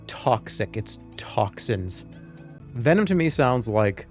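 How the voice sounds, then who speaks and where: A man chats casually on a live stream, rambling and joking, and now and then breaks into loud, animated rants. His mid-range voice moves at a slow pace, with faint music behind.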